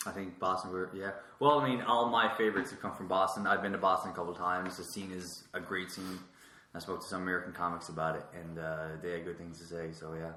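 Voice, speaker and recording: Man in his 20s, rapid bright speech, eager and joking, echoey room. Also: deep voice, flat delivery, slight background noise. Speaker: podcast host, comedian. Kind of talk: casual podcast chat.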